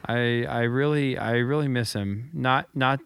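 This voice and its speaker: Earnest, halting man on a podcast. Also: medium pitch, creaky, a bit bright, slight background noise. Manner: earnest, halting, repeats words. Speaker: podcast co-host. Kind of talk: reflective podcast storytelling.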